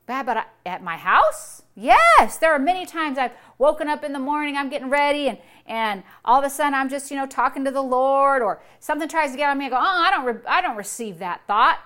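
High bright woman preaching a sermon. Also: quick pace, hardly any pauses. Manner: exuberant, bursts into long fits of laughter while preaching; repeats short phrases, calls for amens. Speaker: pastor.

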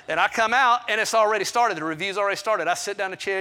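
Bright, high-voiced man telling a sermon story. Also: racing, few pauses, smooth. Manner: candid, self-deprecating storytelling with asides. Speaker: pastor.

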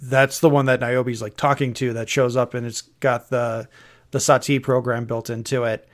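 A man's voice: mid-range voice, flat delivery, moderate pace. A man co-hosting a casual film review chat, critical and picking apart the dialogue. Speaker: podcast co-host.

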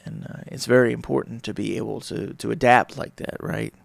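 Gravelly man rambling on his podcast. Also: medium pitch, fairly even intonation, a little fast, dry recording. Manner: rambling, conversational, acts out little dialogues. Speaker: podcast host. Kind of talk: casual solo talk on relationships.

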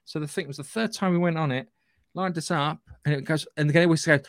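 A man's voice: a little high, a little fast, no room sound. Chatty man with a dry close sound. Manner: rambling storyteller, acts out quotes. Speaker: podcast co-host. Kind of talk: casual chat.

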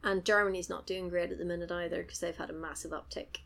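A woman's voice: lowish voice, steady tone, fast, gravelly, a bit bright. A woman co-hosting a podcast, casually recapping a TV episode, laughing often and acting out the characters' lines. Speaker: podcast co-host.

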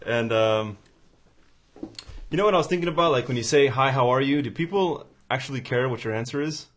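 A man's voice: mid-range voice, brisk, a little hiss or hum. A man hosting a podcast in casual, profane, joking chat, laughing often. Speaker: podcast host.

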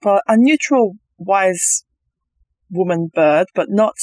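An Australian player chatting casually and enthusiastically, with halting, rambling phrasing. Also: medium pitch, animated, darkish tone, dry recording. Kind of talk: casual chat.

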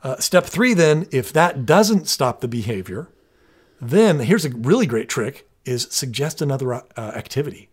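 A man's voice: mid-range voice, big pitch swings, normal speed, slightly rough. Earnest man explaining parenting steps. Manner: earnest, explains step by step with many restarts. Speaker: parenting podcast co-host. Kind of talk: casual conversational explaining.

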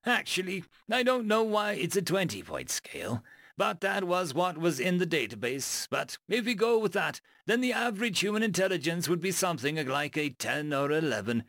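A man's voice: high-pitched, sing-song, moderate pace, fairly bright tone, dry recording, clean studio sound, full character voice. A man voicing an earnest, pedantic male alien crewmate who explains things in a matter-of-fact, over-detailed way. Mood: explaining.

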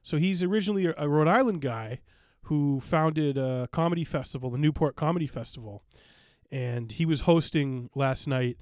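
Chatty man with a higher voice. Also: normal speed, darkish tone, no room sound, studio quality. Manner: enthusiastic, rambling with many fillers. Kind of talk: casual chat.

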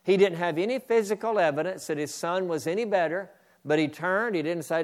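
A man's voice: high voice, fairly quick. A male pastor preaching a sermon, reading a story aloud and calling on his congregation to pay attention. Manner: emphatic, calls on the congregation.

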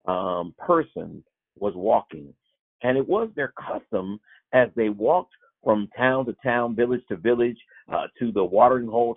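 A man giving an informal Bible teaching to a small group, halting with many fillers and restarts. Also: fairly low pitch, creaky. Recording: tinny phone-like sound.

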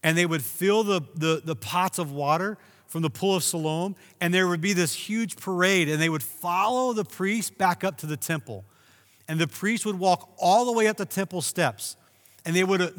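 Guy preaching a sermon, lively storytelling, gets loud on the big lines, voice a bit high, echoing hall. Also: moderate pace. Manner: animated storytelling, rising to loud emphasis. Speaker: pastor.

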